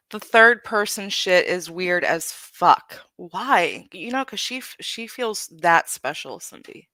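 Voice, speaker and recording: Streamer woman, blunt, profane rant, bright sharp tone, dry close sound. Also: lowish voice, lively intonation, takes it slowly, dry recording. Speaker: livestream host. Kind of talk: heated livestream rant.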